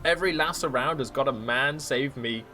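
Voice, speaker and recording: A man's voice: mid-range voice, normal speed, sharp tone, soft background music, lightly acted. A man reading a notice aloud as a lonely village woman begging for a husband, pleading and overdramatic. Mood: desperate.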